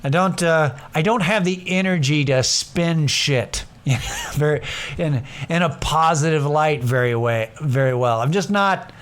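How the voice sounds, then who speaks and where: A man's voice: a little high, unhurried. A young man hosting a casual solo podcast, rambling and self-deprecating, swearing freely and acting out what others said. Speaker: podcast host.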